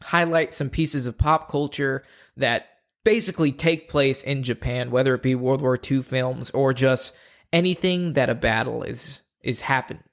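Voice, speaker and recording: A man's voice: mid-range voice, normal speed. A man co-hosting a casual podcast, speaking earnestly and often restarting his words. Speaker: podcast co-host.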